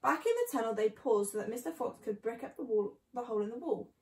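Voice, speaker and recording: A woman reading a children's book aloud, clear and measured. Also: fairly high pitch, expressive. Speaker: storyteller. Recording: echoey room.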